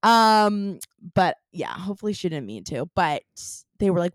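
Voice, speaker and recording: A woman's voice: lowish voice, normal speed, few pauses, no room sound, clean studio sound. A young adult woman co-hosting a podcast, telling a story in casual chat with many "like" fillers. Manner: animated storytelling, lots of "like" fillers. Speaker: podcast co-host.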